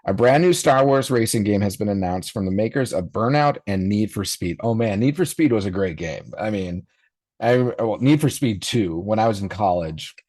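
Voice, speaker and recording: A man's voice: on the low side, expressive, moderate pace, darkish tone, no echo. A man in his forties hosting a podcast, reacting casually in a rambling, nostalgic way with many fillers and restarts. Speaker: podcast host.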